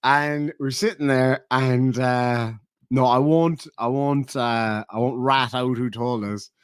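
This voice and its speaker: A man's voice: mid-range voice, fairly even intonation, slow, smooth, no echo, studio quality. A man telling a profane, sardonic story in a vlog rant. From Ireland. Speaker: YouTuber. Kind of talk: ranting vlog monologue.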